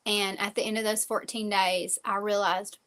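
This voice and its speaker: A woman's voice: mid-range voice, level tone, normal speed, fairly bright tone. A woman giving an earnest, faith-filled motivational sales training talk, full of fillers and repeated phrases. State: emotional at times.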